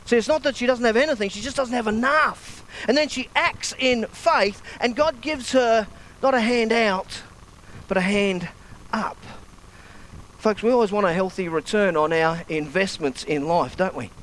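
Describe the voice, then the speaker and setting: A man's voice: sits high, normal speed, fairly bright tone, a little hiss or hum, poor audio. A man, a pastor, preaching a sermon and reading scripture aloud with expression.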